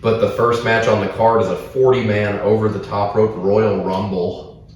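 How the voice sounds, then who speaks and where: A man co-hosting a casual podcast, telling profane, animated stories. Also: on the low side, normal speed, a little hiss or hum. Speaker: podcast co-host, wrestler. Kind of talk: casual storytelling chat. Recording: roomy echo, distant from mic.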